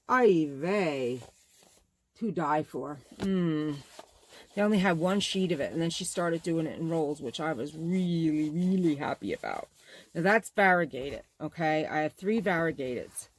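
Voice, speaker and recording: On her bag-making channel, a middle-aged host chats in a deep voice at normal speed, a little background noise behind her. She rambles and gushes with lots of exclamations while showing her materials in a relaxed show-and-tell vlog.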